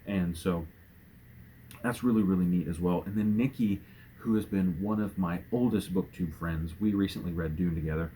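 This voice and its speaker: Man, very low voice, earnest book vlogger, faint room hiss. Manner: earnest, gentle, warm-hearted with fillers and restarts. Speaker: booktuber. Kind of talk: casual book tag vlog.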